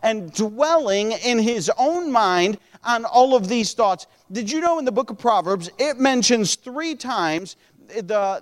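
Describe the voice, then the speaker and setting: A man's voice: sits high, in a large hall. A man preaching a sermon as a pastor, in a conversational style with frequent restarts.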